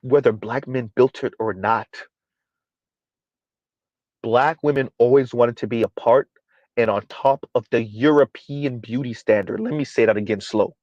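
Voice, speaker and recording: A man's voice: mid-range voice, unhurried, a little mellow, no room sound, highs cut off. A man hosting a live-streamed commentary show, talking emphatically to viewers and reading their comments, often repeating lines for effect. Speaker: livestream commentary host.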